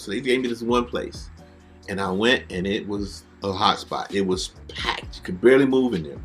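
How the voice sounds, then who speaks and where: A man's voice: fairly low pitch, fairly quick, soft background music. A middle-aged man, a backup vocalist, telling stories casually and animatedly, acting out the people he quotes. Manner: animated, acts out quoted voices. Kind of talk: casual storytelling.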